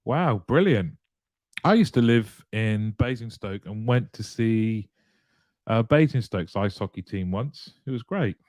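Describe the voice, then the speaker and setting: A man's voice: on the low side, lively intonation, unhurried, a little mellow, no echo, studio quality. A man hosting a casual live show, greeting viewers one by one and laughing lightly as he chats. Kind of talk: casual live-stream chat, reading viewer comments aloud.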